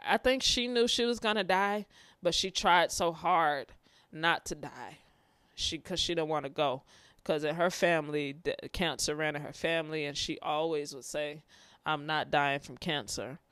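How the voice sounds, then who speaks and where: A man speaking haltingly, fighting back tears as he talks about his grief. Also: a little high, fairly bright tone, clean tone, dry recording. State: tearful. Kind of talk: personal testimony on grief.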